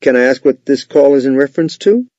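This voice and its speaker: A man's voice: mid-range voice, expressive, fast talker, darkish tone, dry recording, pitched above the performer's own voice, close to an everyday voice. A man voicing a female executive assistant who screens calls with polite, guarded questions, in his own everyday voice. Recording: dull, lo-fi, dry sound.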